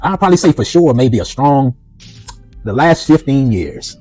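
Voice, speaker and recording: A man's voice: medium pitch, sing-song, moderate pace, warm tone, no echo, faint music behind, rough recording. A middle-aged man speaking in a conversational monologue about his own life, often adding "you know" and "right". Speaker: vlogger. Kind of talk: personal reflective monologue.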